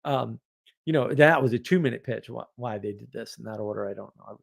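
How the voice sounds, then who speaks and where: A man telling an anecdote in a casual monologue, animated, often laughing and full of fillers and restarts. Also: mid-range voice, brisk, gravelly. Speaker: host.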